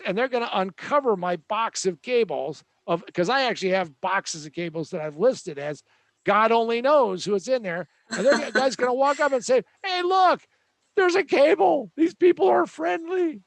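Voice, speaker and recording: A man's voice: sits high, expressive, normal speed, fairly bright tone, no echo. A man hosting a show, delivering a joking, sarcastic tech rant with a rambling manner. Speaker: host.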